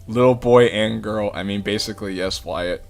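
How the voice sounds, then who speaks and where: A man hosting a gaming channel, giving casual let's play commentary, excitable and quick to swear as he reacts. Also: lowish voice, vocal fry, soft background music.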